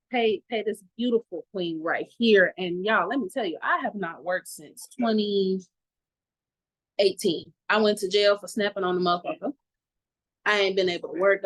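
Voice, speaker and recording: A woman's voice: mid-range voice, poor audio. A woman giving a candid testimony in an online meeting, blunt and profane, laughing often. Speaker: meeting participant. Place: video call at home. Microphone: video call.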